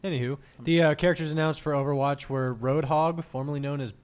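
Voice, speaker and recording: A man's voice: a little high, fairly even intonation, quick pace, clean tone. Blunt, sarcastic man co-host. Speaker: podcast co-host reading news. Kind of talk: casual chat.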